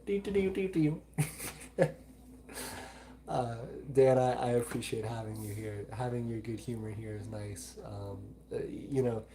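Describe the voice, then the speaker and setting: A young man with a mild Southern accent from Alabama hosts a live stream and reads comments aloud. His voice is low and mellow, with little rise and fall. He talks in an earnest, pleading way and often repeats himself. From Alabama, United States.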